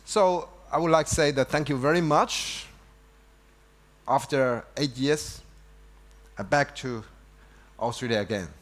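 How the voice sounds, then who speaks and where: A man giving an unscripted keynote on an event stage, halting, with many restarts and fillers like "you know". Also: mid-range voice. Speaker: company executive giving a keynote. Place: event stage before an audience.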